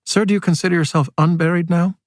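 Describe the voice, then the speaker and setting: A brisk woman federal agent presses her questions quickly, courteous on the surface and sharp underneath, as a male audiobook reader puts her on. Her lines sit a little above his reading voice and come fast, with a close, dry sound. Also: high voice, fairly even intonation, dry recording, pitched above the performer's own voice, natural voice. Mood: pointed. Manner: fast, clipped, sharply polite, full of sirs.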